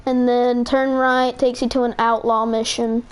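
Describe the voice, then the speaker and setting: High-voiced woman, slow game commentary. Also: little pitch movement, smooth. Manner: rambling, many fillers and restarts. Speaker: gaming channel host. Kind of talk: casual let's-play commentary. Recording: noisy with car game sounds. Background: racing game engine noise.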